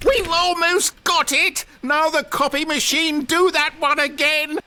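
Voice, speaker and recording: A man's voice: extremely high pitch, fairly even intonation, measured pace, sharp tone, a little hiss or hum, heavily acted. A man voicing a coaxing, manipulative disembodied narrator in a video game, speaking in a grand, theatrical way. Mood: gleeful.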